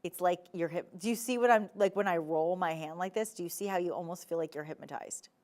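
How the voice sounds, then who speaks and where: A woman with a New Jersey accent hosting a live TV shopping show, pitching jewelry in a chatty, animated sales patter. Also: a little fast. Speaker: shopping channel host. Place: TV studio.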